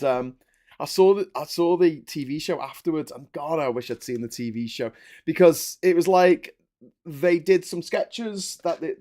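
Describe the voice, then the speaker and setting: Rambling man chatting on a stream. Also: fairly high pitch. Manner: rambling, animated, swears casually. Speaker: livestream host. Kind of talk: casual live-stream chat while building.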